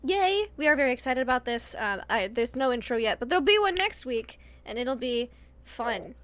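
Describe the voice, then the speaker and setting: Brief: bubbly woman host, a bit high, playful tabletop chat. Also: moderate pace, a bit bright. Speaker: host and player. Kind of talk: casual chat.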